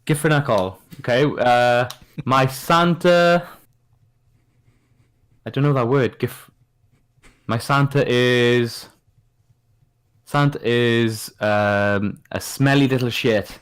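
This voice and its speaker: A man's voice: mid-range voice, slow pace, long pauses, clear, resonant tone. A man, a podcast guest in casual chat, patiently spelling out words and laughing often.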